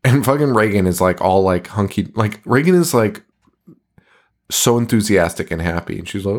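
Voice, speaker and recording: A man in a relaxed podcast chat, recapping a film scene by scene. His pitch swoops up and down as he jumps from scene to scene, breaking into laughter and cursing at the odd parts. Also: normal speed. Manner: animated, swearing, laughing while retelling scenes. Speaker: podcast co-host. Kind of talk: casual movie recap chat.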